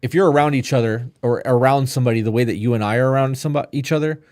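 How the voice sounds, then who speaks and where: A man's voice: medium pitch, very fast, a little mellow, dry recording, studio quality. A man co-hosting a podcast live stream, giving blunt, profane relationship and parenting advice in casual chat. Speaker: podcast co-host.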